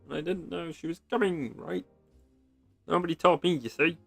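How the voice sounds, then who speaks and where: A man's voice: on the high side, steady tone, normal speed, creaky, no room sound, soft background music, voice pushed up. A man voicing a nervous, scatterbrained mayor creature from a cartoony game, while reading the game's dialogue aloud. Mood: flustered. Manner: nervous, scatterbrained, repeats himself. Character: flustered, rambling small-town mayor creature. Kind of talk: voice acting while playing a game.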